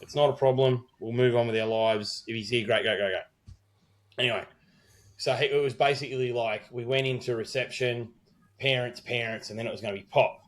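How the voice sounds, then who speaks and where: A man's voice: medium pitch, fairly even intonation, fairly quick. A middle-aged Australian man, a wedding celebrant, co-hosting a podcast and telling a rambling story full of quoted dialogue and swearing. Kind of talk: casual storytelling chat.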